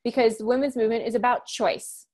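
A woman in her thirties, a communication coach talking as a podcast guest, loud, direct and fast-talking. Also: on the high side, fairly even intonation. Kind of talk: conversational podcast interview.

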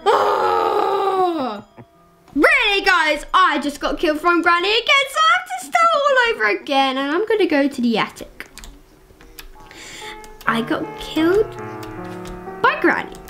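A woman hosting a gaming channel, chatting excitably to viewers through gameplay commentary. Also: extremely high pitch, moderate pace, pauses often, over music.

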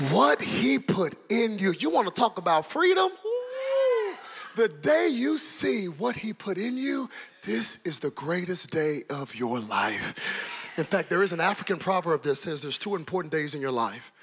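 A man as guest preacher, giving a fervent, animated sermon in church with storytelling and shouted peaks. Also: sits high, slightly rough. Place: church service.

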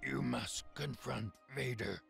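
An actor voicing an ancient tiny alien Jedi master in a video game cutscene, slow and gravelly. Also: male voice, medium pitch, fairly bright tone, soft background music, full character voice. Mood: solemn.

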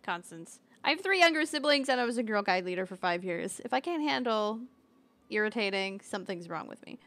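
A young woman with a Canadian accent chatting loudly and animatedly while streaming a game, often laughing as she tells stories. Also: medium pitch, fairly quick. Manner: animated, loud, laughing storyteller. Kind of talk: casual gaming stream chat.

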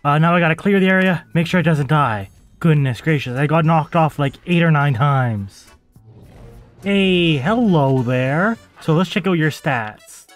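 A man's voice: a little high, lively intonation, measured pace, soft background music. A man hosting his own game channel, chatting casually to viewers as he plays and getting exasperated when things go wrong. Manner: chatty, easily exasperated, talks to the audience while playing. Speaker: gaming channel host. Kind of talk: casual let's-play commentary.

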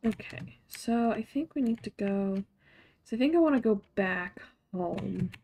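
A woman's voice: mid-range voice, expressive, a little slow, gravelly, mellow, slight background noise. A woman streamer giving casual, rambling gameplay commentary with a chatty, self-mocking way of talking.

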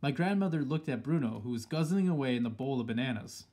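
A man reading a children's story aloud in a steady, plain storytelling manner. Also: medium pitch, fast talker, breathy edge. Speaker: audiobook reader. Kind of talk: storybook narration.

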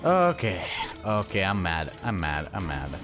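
Male Let's Play commentator, low voice, exasperated and profane, loud game music behind. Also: animated, normal speed. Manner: frustrated, swearing, voice jumping up when annoyed. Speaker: gameplay commentator.

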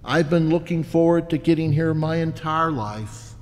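A man's voice: on the high side, normal speed, pitched above the performer's own voice, close to an everyday voice. A man voicing a grateful, devout woman at heaven's gate in a sermon story, with long church reverb. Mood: thankful. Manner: warm, thankful.

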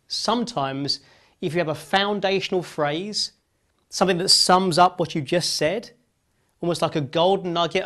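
A man's voice: sits high, fairly bright tone. Man coaching with shifting pace and volume. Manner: shifts between fast punchy delivery and slow near-whispered pauses. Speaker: public speaking coach. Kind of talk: presentation lesson demonstrating vocal variety.

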